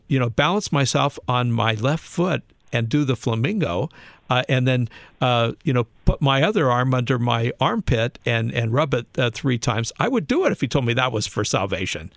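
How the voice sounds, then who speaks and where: A man hosting a faith radio show, telling stories in a halting way with many fillers. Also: mid-range voice, sing-song, vocal fry, no room sound.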